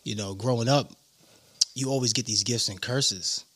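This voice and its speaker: A man from New York with a New York accent, a guest telling his life story in an animated way. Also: medium pitch, normal speed, slightly rough. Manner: animated storyteller, acts out quotes. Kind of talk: casual interview storytelling.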